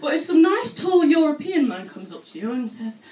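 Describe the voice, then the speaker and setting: A woman performing a stand-up comedy routine, telling stories in a chatty, animated way and acting out other people's voices. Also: high voice, normal speed. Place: comedy club stage with audience laughter. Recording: roomy venue audio from a distance with faint noise.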